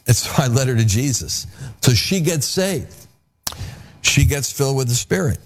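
A man's voice: medium pitch, moderate pace. Earnest man telling his faith story. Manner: earnest, animated storyteller who acts out the dialogue. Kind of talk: conversational testimony.

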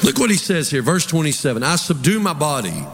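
A man's voice: on the high side, big pitch swings, fairly quick, fairly bright tone. A man preaching a sermon as pastor, telling stories and firing rhetorical questions at his congregation. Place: church sanctuary. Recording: long hall reverb, audience.

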